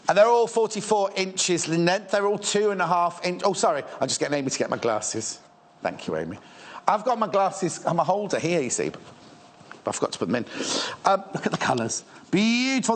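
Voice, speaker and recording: Gushing, lively TV presenter man. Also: high-pitched, brisk. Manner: gushing, rambling, playful asides to crew. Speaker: shopping channel presenter. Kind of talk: chatty live selling of sewing fabrics.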